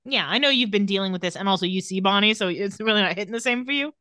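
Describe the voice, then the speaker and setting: A woman's voice: mid-range voice, racing, sharp tone, no echo, clean studio sound. A woman co-hosting a casual podcast, recapping a TV episode scene by scene with wry asides and frequent laughter. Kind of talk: casual chat.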